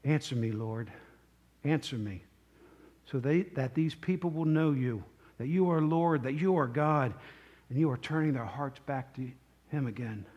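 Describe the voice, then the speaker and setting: A man's voice: fairly high pitch, normal speed, muffled recording, pitched below the performer's own voice, natural voice. A man voicing a bold male prophet who challenges the crowd in a commanding way, within his own sermon. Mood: earnest prayer.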